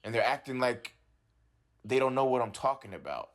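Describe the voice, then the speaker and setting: A man telling his troubles in a therapy session, halting and repeating himself as he restarts his sentences. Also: mid-range voice, very animated. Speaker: client in a talk therapy session. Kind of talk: agitated personal account.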